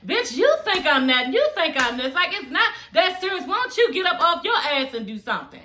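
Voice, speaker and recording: A woman's voice: high voice, lively intonation, fairly quick, few pauses, sharp tone. A woman giving a casual TV show review on her vlog, blunt and profane, chatting straight to her viewers as y'all.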